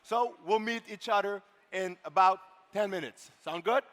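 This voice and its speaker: A high-voiced man working a conference crowd from the main stage, bantering playfully and calling out instructions. His voice rings with the long reverb of a big hall. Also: normal speed, a bit bright. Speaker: event host. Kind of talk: live stage hosting.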